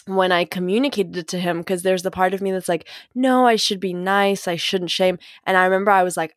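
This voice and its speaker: A woman's voice: medium pitch, a little fast, few pauses, no echo, studio quality. A woman host speaking candidly in a personal monologue, rambling with fillers and self-corrections, and swearing freely to land her points. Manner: frank, profanity-laced, animated emphasis.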